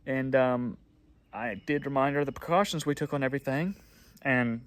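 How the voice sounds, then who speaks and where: A young man who owns a pressure washing business talks casually to camera in a storytelling vlog, rambling, repeating himself and saying "um" often. His voice is mid-range at a moderate pace.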